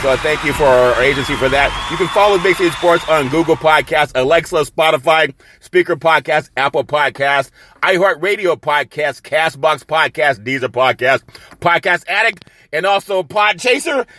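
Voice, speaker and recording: A man hosting his own sports podcast, talking casually and excitedly, shouting catchphrases and laughing at himself. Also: fairly high pitch, normal speed. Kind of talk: casual sports talk show monologue.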